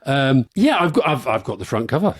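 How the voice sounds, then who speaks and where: A man's voice: medium pitch, very animated, a little fast, husky, dry recording. A middle-aged man co-hosting a live podcast, telling wry anecdotes and laughing as he goes. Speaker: podcast co-host. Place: live stage event.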